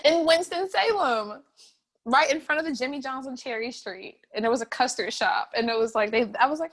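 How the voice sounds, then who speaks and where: A young woman recounts her life in an oral history interview. Her voice sits high and lively, and she laughs often while it catches with emotion. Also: brisk. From North Carolina, USA. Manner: animated, laughing, voice breaking with emotion. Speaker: interviewee, street artist.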